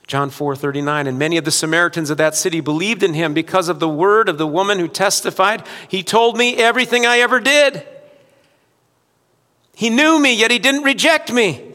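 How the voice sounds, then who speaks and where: A man preaching a sermon as pastor, swinging between loud urgent preaching and quiet, soft-spoken appeals. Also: sits high, long reverb tail.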